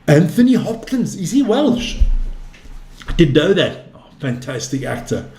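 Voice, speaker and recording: A man in his fifties gives casual live darts commentary, calling out scores between loose banter with viewers. His voice sits fairly high for a man. The sound is roomy, with a noticeable echo. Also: sing-song, a little slow, darkish tone. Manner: chatty, calls scores and answers viewer chat. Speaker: darts commentator and stream host.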